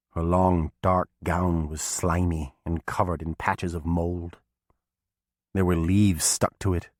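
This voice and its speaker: Brief: male audiobook narrator, low voice, measured first-person storytelling, dry close recording. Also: a little mellow, dry recording.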